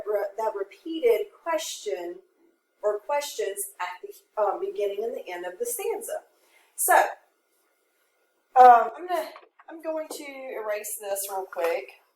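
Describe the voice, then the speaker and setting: A woman teaching a poetry lesson, explaining step by step and reading verse aloud in a classroom. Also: on the high side. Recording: echoey room from a distance, faint noise.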